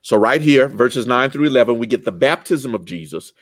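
A man leading a church Bible study, animated and lively, often rising in pitch and restarting his sentences. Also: brisk, no echo.

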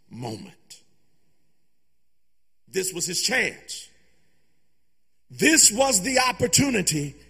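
A man's voice: sits high, gravelly, a bit bright, breathy edge, long reverb tail. A man pastor preaching a sermon, emphatic, repeating phrases and sometimes half-singing. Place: church sanctuary.

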